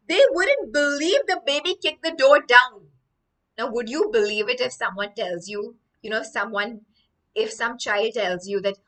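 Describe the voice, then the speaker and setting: A woman's voice: on the high side, sharp tone, far from the mic, poor audio. A woman teaching English vocabulary through a story, explaining each line after she reads it.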